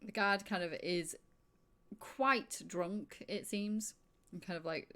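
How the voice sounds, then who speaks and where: A woman's voice: mid-range voice, slow, a bit bright. A woman running a tabletop game as game master, narrating casually with lots of "kind of, like".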